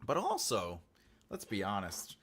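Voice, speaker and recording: A man's voice: fairly low pitch, huge pitch swings, unhurried, a bit bright, husky. A man from New York with a New York accent, hosting a casual livestream chat as an author and rambling through self-deprecating asides. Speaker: host, author.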